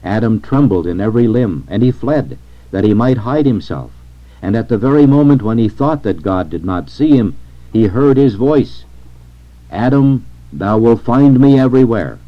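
Guy reading an old sermon out loud, slow and solemn, kinda low voice, muffled recording. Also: expressive. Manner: solemn, measured delivery. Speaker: reader of a sermon. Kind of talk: sermon read aloud. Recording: dull lo-fi recording.

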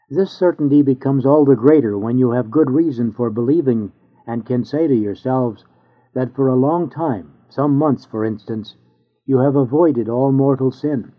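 Man reading a sermon, tinny sound. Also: mid-range voice. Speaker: reader of a sermon. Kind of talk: reading an old sermon aloud.

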